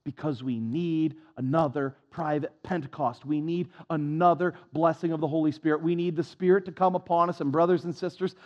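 A man's voice: on the high side, fairly even intonation, fairly quick, hardly any pauses, darkish tone, long reverb tail. A man preaching a sermon as pastor, impassioned and repetitive, with a self-deprecating touch, on a dull lo-fi recording.

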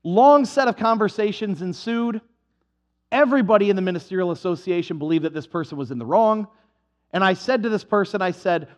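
A male pastor preaching a sermon, animated and humorous, acting out little dialogues as he goes. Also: high-pitched, brisk. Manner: animated, acts out dialogues with comic voices.

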